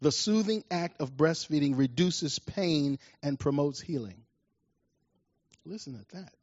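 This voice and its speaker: A man preaching a sermon in an animated way, rising loud and high as he tells stories. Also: measured pace, no echo, muffled recording. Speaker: pastor.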